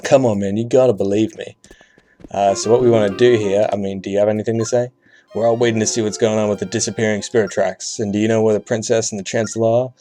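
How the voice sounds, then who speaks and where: A man's voice: lowish voice, fairly even intonation, quick pace, warm tone, faint music behind. A man hosting a let's play, giving casual, joking, irreverent commentary.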